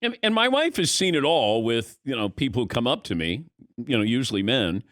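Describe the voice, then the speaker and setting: On a sports talk radio show, a male host tells a story in casual chat, animatedly acting out the dialogue. His medium-pitched voice moves briskly, captured cleanly on a studio microphone with no room sound.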